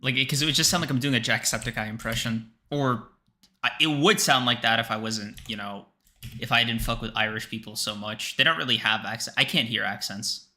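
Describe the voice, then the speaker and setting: A man's voice: mid-range voice, fairly quick, bright, forceful tone. A young man co-hosting a casual podcast livestream, exasperated and swearing often as he protests. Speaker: podcast co-host.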